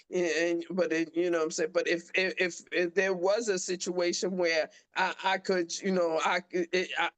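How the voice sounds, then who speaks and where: A woman hosting a podcast, chatting casually and telling a story bluntly with plenty of swearing and restarts. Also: lowish voice. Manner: blunt and profane, many restarts. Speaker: podcast host.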